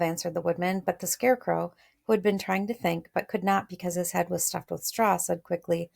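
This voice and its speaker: A woman's voice: fairly low pitch, fairly even intonation, fairly quick, creaky, a little mellow. A woman teacher reading a storybook aloud, chatty, stopping to explain words and share thoughts. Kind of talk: read-aloud lesson with commentary.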